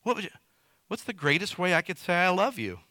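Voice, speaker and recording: A man preaching in a lively, swooping voice that jumps up and drops down through a folksy, conversational sermon. His tone is bright and ringing, a little higher than most men's. The sound is close and dry. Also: brisk, no room sound. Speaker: pastor.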